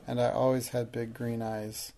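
A man's voice: mid-range voice, level tone, moderate pace, vocal fry, dark tone, lightly acted. A man voicing a proud, brave, imaginative young girl who speaks earnestly.

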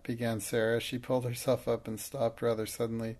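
A man with a gravelly voice narrating a storybook in a steady, even reading. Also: medium pitch, brisk, hardly any pauses. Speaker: audiobook narrator. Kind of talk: scripted narration.

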